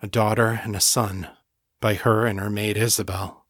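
Guy doing a guilt-ridden incubus priest, low voice, rough and heavy, dry sound. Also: flat delivery, normal speed, fairly bright tone, no echo. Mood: grave.

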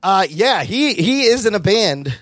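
Excitable podcast guy, kinda high voice, bouncy pitch, dry close mic. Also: measured pace, no room sound. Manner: excitable, laughing, retells scenes with quoted voices. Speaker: podcast co-host. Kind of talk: casual chat.

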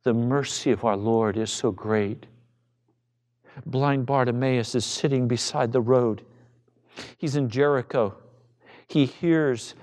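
A middle-aged male pastor preaching a sermon with passion, now and then bursting into shouted quoted voices. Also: medium pitch.

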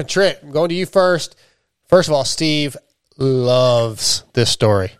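Clear-voiced man hosting a podcast. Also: on the high side, expressive, takes it slowly, no echo, clean studio sound. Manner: loose, joking, swears casually. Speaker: podcast host. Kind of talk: casual chat.

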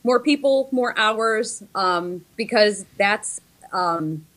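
A woman's voice: mid-range voice, lively intonation, slow, a bit bright. A woman in her thirties, a librarian guest speaking over a video call, with many ums and restarts. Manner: hesitant, frequent ums and restarts.

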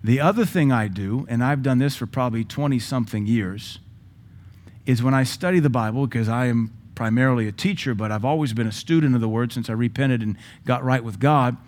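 A male pastor teaching a sermon in a lively, joking way, now and then breaking into praying in tongues. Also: mid-range voice, a little fast.

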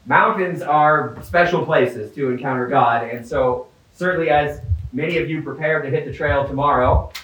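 A man's voice: a little high, normal speed, a bit bright. A man from the Midwestern US preaching an outdoor homily as a priest, conversational, with joking asides and repeated words. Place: outdoors in the mountains. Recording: echoey, distant outdoor sound.

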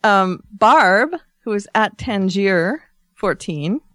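A female podcast co-host in easy conversation, wry and quick to agree. Her voice has a middle pitch. The microphone is close and dry. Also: expressive, a bit bright, dry recording. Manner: wry, agreeable, often saying "that's right". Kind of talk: casual chat.

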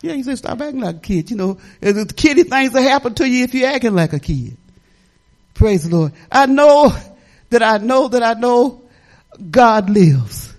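A middle-aged woman pastor preaching a sermon in a lively, folksy way, laughing and talking back to the congregation. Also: fairly high pitch, normal speed.

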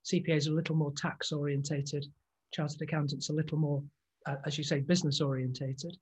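Brief: English man, 60s, interview guest, slightly higher pitch, husky, polite and friendly. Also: little pitch movement, brisk, a little mellow. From England. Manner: polite, friendly, stammers on starts. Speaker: podcast guest. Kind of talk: casual interview chat.

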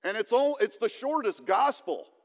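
A man's voice: high voice, sing-song, moderate pace. A male pastor giving a conversational sermon with light humor, in a church hall.

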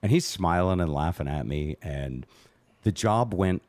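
A man's voice: deep voice, lively intonation, a little slow, a little mellow, dry recording. A man hosting a casual podcast chat, telling a long rambling story and poking fun at himself. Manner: rambling, self-mocking storyteller. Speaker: host.

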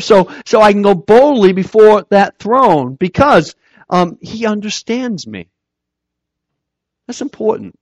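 A man's voice: sits high, darkish tone, no room sound. A man preaching a sermon as pastor, in a conversational way, repeating words as he restarts his sentences. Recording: dull dry recording.

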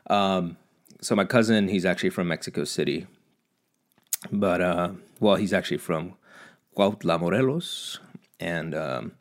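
A man with a very low, deep voice rambles through a casual vlog story, swearing freely and mocking himself as he goes. His talk is loose and conversational. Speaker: vlogger.

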